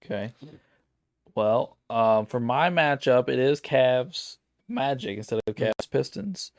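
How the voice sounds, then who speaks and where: A man in a relaxed sports chat talks in a middle register, wandering through his points with fillers and restarts. The sound is dry and close, with no room around the voice. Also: mid-range voice, takes it slowly, no room sound. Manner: rambling, many fillers and restarts. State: sleepy, yawning. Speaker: podcast co-host.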